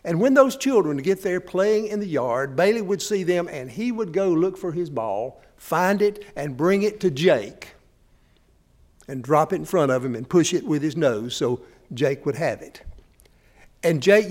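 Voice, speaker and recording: A man's voice: a little high, darkish tone. A man preaching a sermon, telling folksy stories and talking straight to his congregation. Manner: folksy storytelling, talks straight to the audience. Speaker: pastor.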